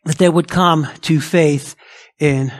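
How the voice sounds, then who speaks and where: A man's voice: a little high, fairly even intonation, takes it slowly. A male pastor preaching a sermon emphatically, asking rhetorical questions and acting out imagined objections. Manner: acts out imagined objections in a raised voice.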